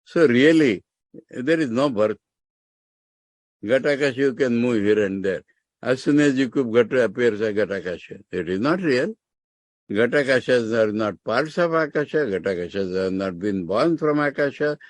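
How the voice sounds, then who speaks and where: A man's voice: medium pitch, expressive, normal speed, no echo. A man with an Indian English accent, teaching scripture as a monk, explaining Sanskrit terms word by word with emphatic rises. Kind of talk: scriptural discourse.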